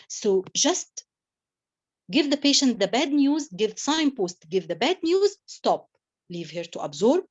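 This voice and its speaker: A woman's voice: medium pitch, lo-fi sound. A woman exam tutor giving an online exam-prep lecture, coaching students step by step and often checking in with "okay?". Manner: coaching, repeats "okay?" and acts out doctor lines.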